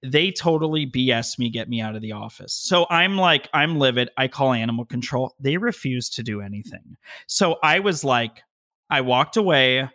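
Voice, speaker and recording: A man telling a long personal story from his home office, in an animated, heated way with quick bursts of speech. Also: mid-range voice. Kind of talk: conversational storytelling.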